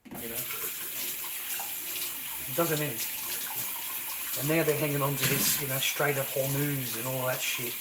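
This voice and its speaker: A man with an Australian accent rants straight to camera, blunt and profane, circling back over the same points. His voice sits at an ordinary middle pitch. A steady noise runs clearly under the recording. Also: unhurried, long pauses. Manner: blunt, profane, repetitive, peppered with "mate". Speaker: vlogger. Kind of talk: casual ranting monologue. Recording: noisy background.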